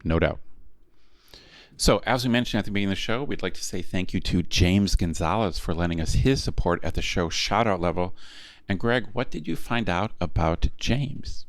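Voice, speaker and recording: A man's voice: low-pitched, normal speed. A man co-hosting a casual podcast, rambling and self-deprecating with lots of fillers. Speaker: podcast co-host. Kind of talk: casual chat.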